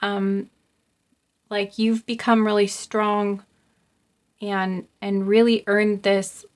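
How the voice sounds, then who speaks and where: A young woman does an intuitive card reading for her viewers. She talks in a soft, halting way, restarting her sentences and filling pauses with ums. Her pitch stays level and even throughout. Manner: soft, halting, repeats herself, many ums. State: getting choked up. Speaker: tarot card reader.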